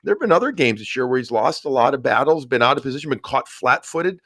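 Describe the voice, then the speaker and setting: A man's voice: medium pitch, animated, fast talker, a bit bright, no echo, clean studio sound. A man hosting a sports podcast, chatting casually and reading out listener questions. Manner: conversational, reads questions aloud. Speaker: podcast host.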